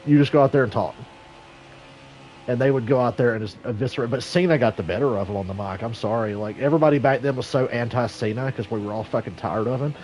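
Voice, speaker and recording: A man streaming an online racing game, chatting casually and telling a story in a profane, animated way. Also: medium pitch, quick pace, hardly any pauses, lo-fi sound, slight background noise. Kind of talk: casual gaming stream chat.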